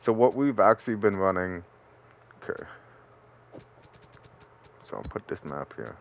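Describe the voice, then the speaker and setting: While streaming a game, a man with a deep, animated voice and some vocal fry chats a little slowly and casually. He loosely explains his play in laid-back, rambling commentary full of fillers, and a little hiss or hum sits under the recording.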